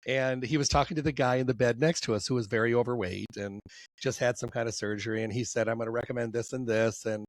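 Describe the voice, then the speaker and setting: A man hosting a casual interview, telling stories in a lively way and acting out the people he quotes. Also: mid-range voice, fast talker, no echo. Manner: animated storyteller, acts out quoted voices. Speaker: host.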